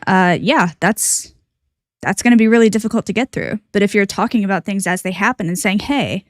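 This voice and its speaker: A woman's voice: mid-range voice, no echo, clean studio sound. A woman talking candidly on a live stream, conversational with many fillers. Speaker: reaction streamer. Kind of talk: casual live stream commentary.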